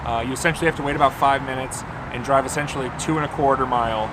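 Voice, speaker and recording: Talking very fast in a steady tone, a man records a casual vlog from his car about delivery work, with noise in the background. He tells chatty stories and voices the people he met, jumping sharply in pitch for their lines.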